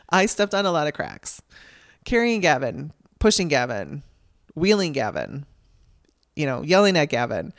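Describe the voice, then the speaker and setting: A woman's voice: low-pitched, very animated, a little slow, long pauses, dry recording, studio quality. A middle-aged woman hosting a podcast, frankly telling a hard personal story with wry laughs and the odd swear word. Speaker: podcast host.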